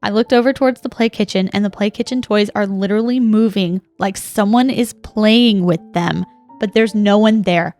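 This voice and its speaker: A woman's voice: mid-range voice, normal speed, a little mellow, soft background music. A young woman co-hosting a podcast, reading a listener's ghost story aloud in a dramatic storytelling manner. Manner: dramatic storytelling, reacts with gasps and laughs. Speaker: podcast co-host.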